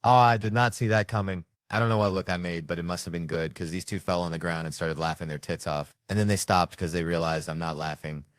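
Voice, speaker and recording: A man's voice: sits low, steady tone, fast, few pauses, dry recording, studio quality. A middle-aged man telling crude parenting stories in a stand-up routine, acting out his kids' lines. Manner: brash, profane storytelling with acted-out quotes. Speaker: stand-up comedian.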